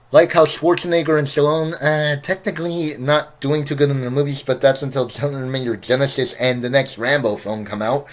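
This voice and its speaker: A man giving a casual spoken movie review, rambling and excitable with many restarts. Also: mid-range voice. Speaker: film reviewer.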